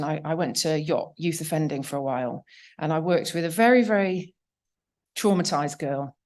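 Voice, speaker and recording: A woman's voice: low-pitched, darkish tone. A woman lecturer presenting her research at a union conference, speaking in an earnest, reflective, plain-spoken way. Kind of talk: conference talk.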